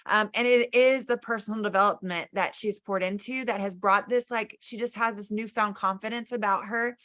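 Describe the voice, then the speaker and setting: Bright chatty woman leading a team call. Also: mid-range voice, fairly even intonation, normal speed, few pauses. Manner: enthusiastic, chatty, southern "y'all". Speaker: team leader hosting a video call. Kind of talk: casual encouraging talk. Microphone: video call.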